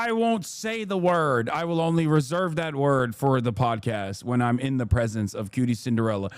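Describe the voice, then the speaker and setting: A man in his thirties reacting to clips as a streamer, talking casually and shouting in mock outrage. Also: mid-range voice, lively intonation, normal speed, hardly any pauses, clear, resonant tone, no room sound, studio quality.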